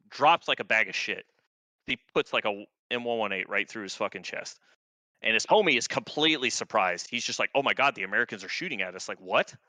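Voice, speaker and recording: Veteran male guest, 30s, crisp dry close-mic sound, casual profane storyteller. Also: mid-range voice, bright, forceful tone, no echo. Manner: laid-back, profane, rambling with many fillers.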